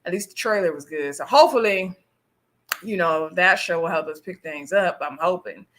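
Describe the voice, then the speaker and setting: A woman's voice: lowish voice, moderate pace, a bit bright. A woman hosting a casual live recap of a reality show, chatty and sassy, talking straight to her viewers as y'all. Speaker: host reviewing a reality show.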